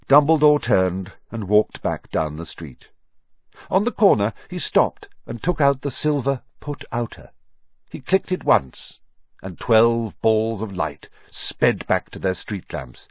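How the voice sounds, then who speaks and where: A man narrates a storybook in an expressive, measured way. His low voice is husky and moves widely in pitch. The recording is dry and slightly dull. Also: no room sound. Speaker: audiobook narrator.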